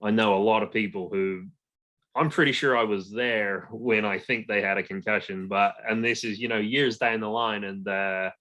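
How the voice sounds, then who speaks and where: A man's voice: lowish voice, fairly even intonation, moderate pace, bright, forceful tone. A man hosting a podcast interview, asking a long, hesitant question and searching for his words. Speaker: podcast host.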